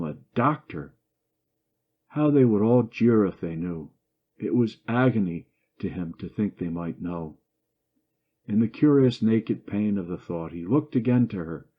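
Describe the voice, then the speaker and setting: A man reads a short story aloud in a low voice, at a steady and measured pace. He slows down and softens for the quoted lines. The recording sounds dull and lo-fi. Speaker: narrator.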